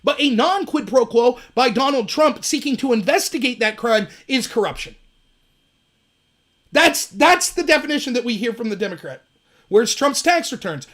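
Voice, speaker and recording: His tone fairly bright and expressive, a man speaks at a moderate pace while hosting a one-man political commentary stream. Sarcastic throughout, he rants emphatically, ridicules opponents with high, shrill impressions, and reads and replies to live chat.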